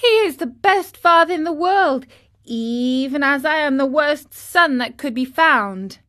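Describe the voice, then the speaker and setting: A fretful, impulsive puppet boy, as a woman reading a storybook puts him on, with a raised, youthful voice that jumps quickly into alarm. He talks eagerly and unhurriedly, slightly slower than usual speech. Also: very animated, a bit bright, heavily acted. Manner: high, eager and easily frightened.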